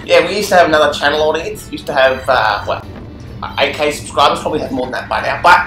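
A man co-hosting a gaming channel, joking and teasing over gameplay and breaking into sudden shouts. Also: on the high side, fast talker, echoey room, soft background music, low-quality recording. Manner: goofy, teasing, bursts into shouts. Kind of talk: casual chat over gameplay.

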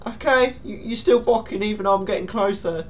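A man's voice: sits high, a little fast, slight background noise. A young man, commenting on a horror game in a panicky, pleading way, with yelps and nervous laughs. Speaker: gaming YouTuber.

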